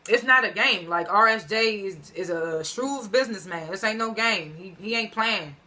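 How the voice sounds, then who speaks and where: A woman voicing a crafty male politician who talks measured and proper, then slips into blunt slang. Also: high voice, pushed and bright. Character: smooth crafty male politician, code-switching.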